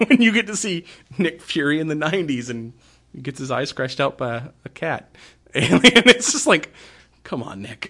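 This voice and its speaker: A man's voice: a little high, a bit bright. Laughing, swearing man recapping a movie. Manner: laughs often, swears, retells scenes in quoted voices. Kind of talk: casual movie recap chat.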